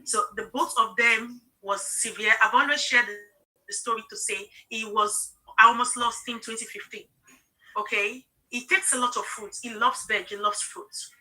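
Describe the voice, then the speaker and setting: A middle-aged woman hosts a live stream in a fairly high, steady, bright and forceful voice at a moderate pace, and the audio is poor. She talks earnestly and personally, telling emotional stories of her own and often checking in with "okay?" as part of casual live-stream sales talk.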